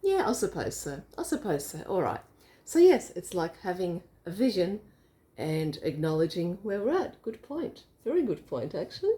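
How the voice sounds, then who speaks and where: Woman, low mellow voice, casual explainer in a home video chat. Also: very animated, moderate pace. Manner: explains with a visual demo, laughs easily. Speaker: co-host. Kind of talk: casual bedtime reflection chat.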